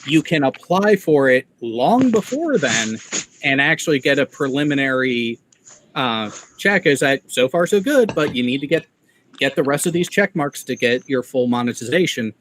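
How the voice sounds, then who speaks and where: A man's voice: medium pitch, lively intonation, normal speed, a bit bright, slight background noise. A man from the Midwest hosting a casual commentary chat, explaining things in a wry, playfully mocking way. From Midwest United States. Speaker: commentary show host.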